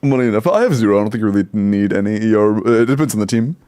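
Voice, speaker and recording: A man's voice: on the low side, lively intonation, racing, dark tone. Chatty young man streaming. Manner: chatty, laughs often, rattles off game stats. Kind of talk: casual live-stream chat.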